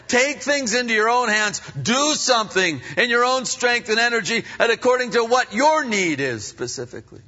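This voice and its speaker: A man's voice: very high-pitched, big pitch swings, normal speed, few pauses, sharp tone. A man pastor preaching a sermon in punchy phrases, with rhetorical questions and emphatic repetition. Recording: dull recording with long hall reverb.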